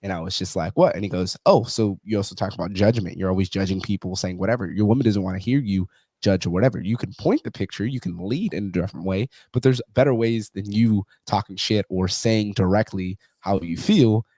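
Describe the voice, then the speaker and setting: A man with a lowish voice hosts a podcast and talks fast, swearing freely. He acts out quoted lines as he tells a story, and the sound is dry and close. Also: dry recording. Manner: profane, animated storyteller who acts out quotes. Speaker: podcast host. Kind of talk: casual podcast conversation.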